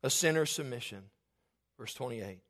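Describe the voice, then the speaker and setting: Middle-aged guy preaching, lively, puts on little voices for folks he quotes, cracks jokes at himself. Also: mid-range voice, normal speed. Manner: animated, acts out voices of people he quotes. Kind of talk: sermon.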